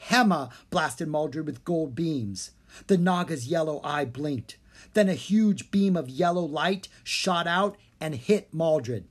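A narrator reading a children's fantasy book aloud with steady storytelling. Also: medium pitch, breathy edge. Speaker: audiobook narrator.

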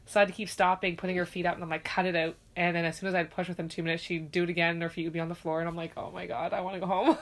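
Low-ish voiced mom just chatting, blunt, curses casually. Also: female voice, flat delivery, racing, few pauses. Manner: candid, swears freely, acts out quotes. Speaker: mother. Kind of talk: casual chat.

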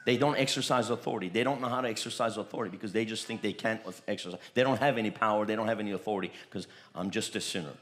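A man's voice: on the low side, very fast, hardly any pauses, fairly bright tone. A man preaching a sermon, with emphatic, repetitive declarations that rise in bursts.

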